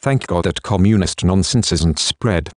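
A man reading as a pompous wealthy dinner guest from an audiobook, holding forth in a deep, low voice that sounds close and dry, with no room around it at all. He lectures as if everyone should agree. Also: a little slow, no room sound. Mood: smug.

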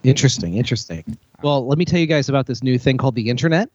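A man's voice: mid-range voice, rapid-fire, darkish tone, no echo. A man co-hosting a podcast, chatting casually with self-mocking, dry humor. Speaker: podcast co-host. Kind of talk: casual chat. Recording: dull dry lo-fi audio.

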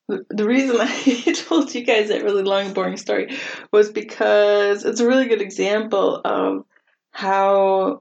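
A woman's voice: medium pitch, a little mellow. A middle-aged woman hosting a podcast, talking casually in a chatty, self-deprecating way and laughing often. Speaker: podcast host. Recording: slightly dull lo-fi audio.

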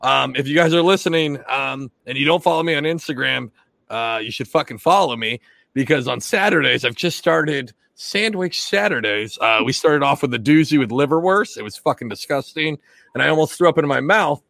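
A man's voice: a little high, expressive, gravelly, a bit bright, no room sound. A man hosting a podcast, teasing his guest, swearing freely and laughing as he asks questions. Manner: quick-witted, teasing interviewer who swears and laughs often. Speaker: podcast host. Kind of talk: profane casual banter.

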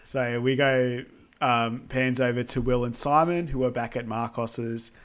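A man's voice: medium pitch, fairly even intonation, measured pace, fairly bright tone. A young man with an everyday mid-range voice recaps a film for a podcast. He rambles from scene to scene, leaning on ums and loose asides as he goes. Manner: rambling, filler-heavy storytelling. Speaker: podcast co-host. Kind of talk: casual film recap chat.

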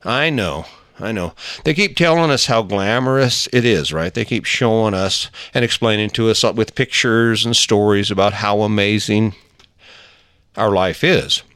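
A middle-aged man giving a casual motivational monologue, emphatic and coaxing, acting out little scenes in a higher voice. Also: a little slow, a bit bright, no echo, clean studio sound. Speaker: motivational talker.

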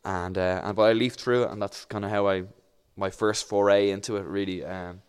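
A man's voice: fairly low pitch, brisk, clean tone. A young Irish man from Dublin, guest on a chat show, telling a long anecdote and acting out the voices in it. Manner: animated, acts out voices in his anecdote. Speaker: podcast guest. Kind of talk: casual storytelling.

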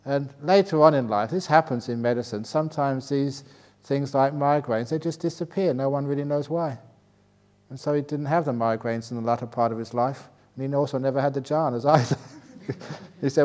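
Older man, Buddhist monk, dharma talk, anecdotal, amused, animated questions. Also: mid-range voice, fairly quick. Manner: anecdotal, chuckles at his own jokes; rises into animated rhetorical questions. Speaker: Buddhist monk teaching a meditation retreat.

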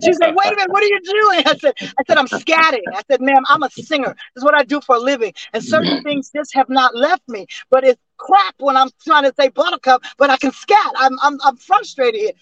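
A woman in her sixties, a singer and interview guest, telling stories in a lively way with laughs and restarts over a remote call. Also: high-pitched, a little fast, hardly any pauses, no room sound, dull audio. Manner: animated storyteller with frequent laughs and restarts. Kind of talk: casual interview storytelling.

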